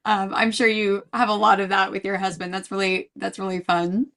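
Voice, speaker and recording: A woman's voice: medium pitch, little pitch movement, moderate pace, fairly bright tone. A woman hosting a podcast interview, asking curious, friendly questions. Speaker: podcast host. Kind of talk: casual interview chat.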